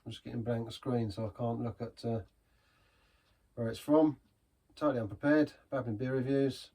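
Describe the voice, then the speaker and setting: A man's voice: mid-range voice, steady tone, moderate pace, dark tone, breathy edge. A man giving a casual, rambling beer review in a pub, chatty and self-deprecating.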